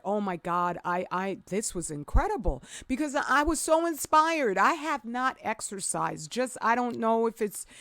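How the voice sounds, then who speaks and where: A middle-aged woman hosting a reaction commentary, talking emphatically and preachily, dropping to low murmurs and jumping to excited high exclamations. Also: no echo. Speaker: commentary video host.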